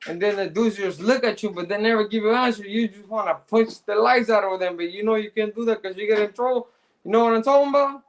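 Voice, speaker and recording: Brief: middle-aged male host with a high voice, easygoing slang-heavy chat, reads out comments. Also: fast talker. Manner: laid-back street slang, shout-outs to viewers. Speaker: live show host. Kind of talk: casual chat, reading out viewer comments.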